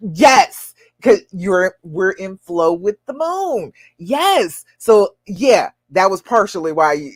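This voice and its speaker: A woman hosting a live stream as a love coach, chatting casually, reading viewers' comments and laughing often. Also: no echo. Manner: chatty, laughs often, swings pitch up when quoting viewers.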